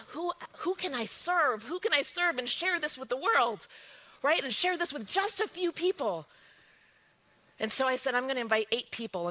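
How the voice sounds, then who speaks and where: A woman giving an emphatic motivational testimony, swinging from hushed lines to exclaiming ones. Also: high voice. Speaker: guest speaker sharing her story.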